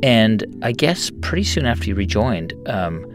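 Low-voiced guy hosting, asks probing questions, music under him. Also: sing-song, moderate pace. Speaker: podcast host. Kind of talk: interview questions.

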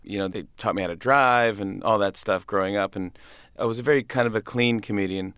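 A man's voice: fairly low pitch, fairly quick, fairly bright tone, smooth, no room sound, clean studio sound. A man in his thirties, a comedian and interview guest, telling casual stories cheerfully with frequent chuckles and rambling restarts. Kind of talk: casual conversational storytelling.

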